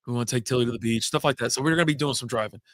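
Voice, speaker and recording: A man's voice: mid-range voice, rapid-fire, no room sound. A man hosting a casual beer-chat podcast, telling rambling stories that jump from topic to topic and cursing casually. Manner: rambling, jumps between stories, swears casually. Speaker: podcast host.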